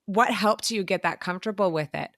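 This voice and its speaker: A woman's voice: medium pitch, brisk, a bit bright, no room sound, clean studio sound. A woman hosting a podcast interview, chatty and effusive with praise. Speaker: podcast host. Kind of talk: casual interview.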